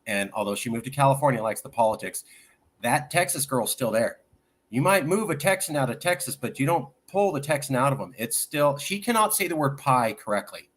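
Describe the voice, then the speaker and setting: A man hosting a political talk show, chatty and animated, who quotes people at length as he sets up his questions. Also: medium pitch, a little fast. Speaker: host.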